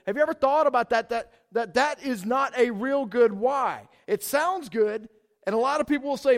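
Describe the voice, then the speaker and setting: A man preaching a sermon as pastor, animated, often repeating and restarting his words. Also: extremely high pitch, moderate pace.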